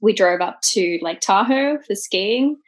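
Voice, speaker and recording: A woman's voice: mid-range voice, animated, a little slow. Chatty woman, laughing often. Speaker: podcast co-host. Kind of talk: casual chat.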